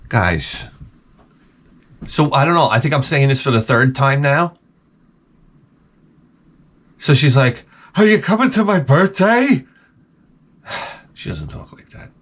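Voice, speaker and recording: Forties male host, dry self-deprecating rambler, lively swooping delivery. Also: medium pitch. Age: 40s. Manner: sarcastic, self-mocking storyteller. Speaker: vlogger. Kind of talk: rambling comedic monologue. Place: outdoors by a backyard shed.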